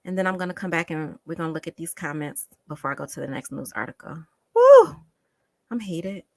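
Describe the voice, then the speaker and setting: A woman talking through a live stream in a casual, emphatic way. Her voice sits low but comes out bright and forceful, and she repeats phrases to drive home her frustration. The sound is close and dry. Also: quick pace, vocal fry, no echo.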